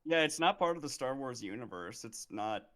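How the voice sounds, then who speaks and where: Blunt man with a lively voice. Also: mid-range voice, moderate pace. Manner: blunt, dismissive. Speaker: co-host friend on stream. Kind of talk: casual chat.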